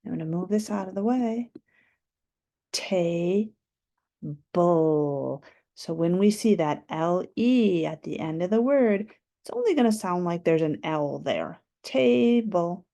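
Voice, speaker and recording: Woman, phonics teacher for small kids, patient drawn-out sounds, mellow low voice. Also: animated, creaky. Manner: slow, patient, drawn-out sounding of letters and syllables. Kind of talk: phonics lesson for young children.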